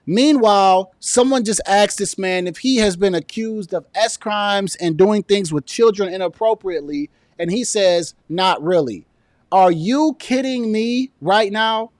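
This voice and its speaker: A commentary vlogger rants about politics in a high-pitched voice, indignant and sarcastic as he stacks one point on top of another. The recording is dry and close, with no echo or sense of a room.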